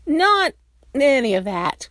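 A woman's voice: high-pitched, big pitch swings, fairly bright tone, no echo, studio quality, pitched above the performer's own voice, exaggerated voice. A woman doing a mouthy, flustered young man. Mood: flustered sarcastic. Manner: quick, sarcastic, flustered. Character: mouthy excitable young man, talks nonstop.

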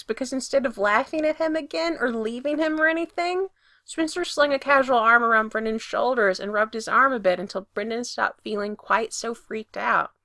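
Bright, expressive woman reading a story. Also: a little high, no room sound, clean studio sound. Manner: lively, expressive reading that swells when excited. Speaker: reader. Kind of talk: storytelling narration.

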